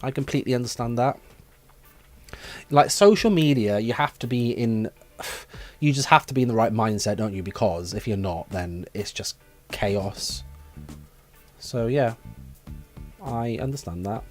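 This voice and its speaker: A man's voice: mid-range voice, lively intonation, a little slow, long pauses, soft background music. Chatty man streaming live. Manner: chatty, musing, reads chat messages aloud. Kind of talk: casual live stream chat reading comments. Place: room at home with his dog.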